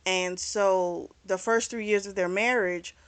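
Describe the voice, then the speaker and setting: A woman's voice: mid-range voice, fairly even intonation, unhurried, clear, resonant tone. Chatty woman casually recapping a novel. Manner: chatty and informal, retells scenes by briefly acting out the characters' lines; mild swearing, frequent fillers. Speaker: book club host reviewing a novel.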